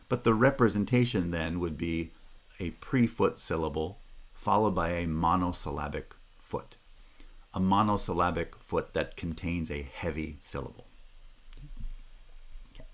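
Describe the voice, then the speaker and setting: Very deep-voiced male linguistics lecturer. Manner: explanatory, frequent "right?" checks and restarts. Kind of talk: recorded phonology lecture.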